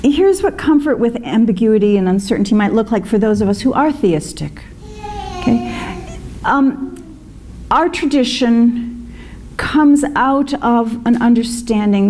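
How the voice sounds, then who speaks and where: A woman's voice: fairly high pitch, a little mellow. A woman minister giving a conversational sermon, with fillers and asides to the congregation. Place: congregation hall.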